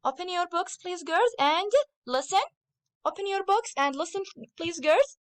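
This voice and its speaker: A woman's voice: very high-pitched, lively intonation, a little slow, no room sound. A woman teaching English grammar and phonics to girls, patiently repeating each phrase.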